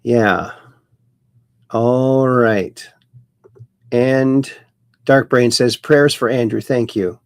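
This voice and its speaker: Gravelly, chatty man hosting a livestream. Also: medium pitch, extremely slow, pauses often, no echo, studio quality. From Ireland. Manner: chatty, folksy, reads comments aloud with wordplay. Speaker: show host reading live chat. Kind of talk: casual livestream chat.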